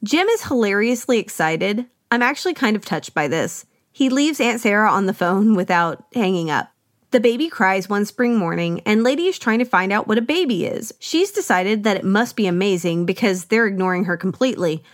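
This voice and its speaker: A woman hosts a podcast and recaps a film in a chatty, wry way, full of playful asides. Her pitch jumps around a lot. The sound is dry and close, with no room echo. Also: lively intonation, moderate pace. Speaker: podcast host. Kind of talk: solo movie recap commentary.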